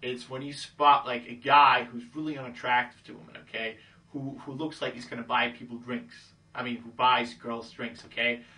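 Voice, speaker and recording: A man's voice: mid-range voice, flat delivery, moderate pace, pushed and bright, distant mic. A man giving casual dating advice who keeps checking in with "okay?". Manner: breezy, acts out pickup lines in quoted voices, says "okay?" a lot. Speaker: dating coach. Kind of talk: casual instructional talk.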